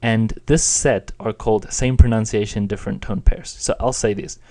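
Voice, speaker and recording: A man's voice: lowish voice, fairly even intonation, moderate pace, few pauses, warm tone. A young man giving a patient, plain spoken lesson, explaining and demonstrating intonation. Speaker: Chinese teacher.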